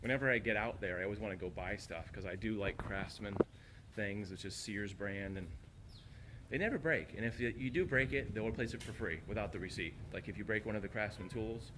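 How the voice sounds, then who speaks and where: A man's voice: lowish voice, fairly even intonation, a little fast. A man talking casually on a vlog, thinking aloud in a rambling, wistful way while standing outside a shopping plaza. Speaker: vlogger. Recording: outdoor street noise. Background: traffic and vehicle noise, a plane overhead.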